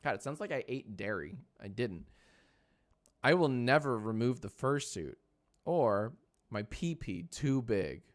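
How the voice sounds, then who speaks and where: Very animated but a little slow, this man's medium-pitched voice carries a relaxed stream from his home editing room. In his thirties, he trades jokes with chat, sets up polls, and uses soft baby talk on his dog.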